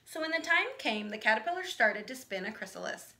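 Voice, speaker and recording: A woman teacher reading a children's picture book aloud, animated and asking her listeners questions. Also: on the high side, brisk, vocal fry. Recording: echoey room.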